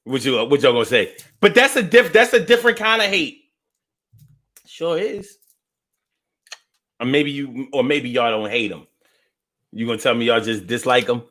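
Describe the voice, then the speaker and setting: A man hosting a casual live stream, reading viewer comments and answering them in a playful, profane, animated way, swinging between loud outbursts and low mutters. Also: normal speed, pauses often.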